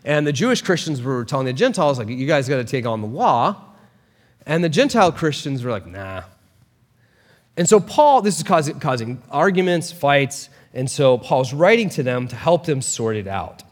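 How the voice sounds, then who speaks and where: A man preaching a sermon as a pastor, talking in a casual, animated way with quick asides. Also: a little high, big-room sound.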